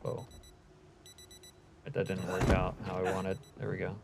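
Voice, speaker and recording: A man's voice: low-pitched, completely flat delivery, measured pace, creaky, heavy background noise. A man casually commentating his own game stream, joking and reading chat comments aloud.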